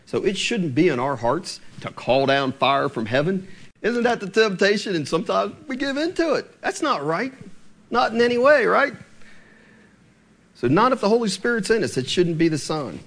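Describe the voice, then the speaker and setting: Animated male preacher. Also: sits high. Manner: animated, asks rhetorical questions, slows for scripture. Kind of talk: sermon.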